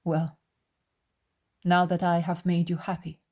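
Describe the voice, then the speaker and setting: A woman voicing a calm, gentle adult male teacher in an audiobook reading. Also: a little slow. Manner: calm and low.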